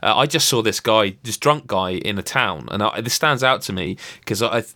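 A man's voice: on the low side, expressive, normal speed, creaky, sharp tone. A man in casual chat, rambling through a story with restarts and acted-out quotes. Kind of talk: casual chat about a video game.

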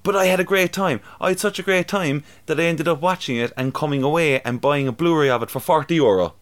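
A man's voice: a little high, quick pace, clean tone. A young man chatting casually about films on a podcast, laughing often and swearing freely. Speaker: podcast co-host. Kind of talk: casual chat reviewing films.

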